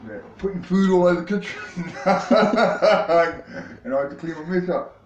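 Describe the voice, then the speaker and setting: A man's voice: high voice, measured pace, reverberant, dull audio, faint music behind. A man chatting and joking playfully in a home kitchen, often giggling and repeating words, filmed on a phone. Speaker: dishwasher. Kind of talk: casual chat.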